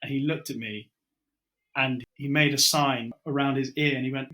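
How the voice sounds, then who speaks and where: Bright-voiced British man telling stories. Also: medium pitch, moderate pace. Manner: lively storyteller, acts out his own quotes. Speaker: broadcaster guest. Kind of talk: casual podcast chat, anecdotes.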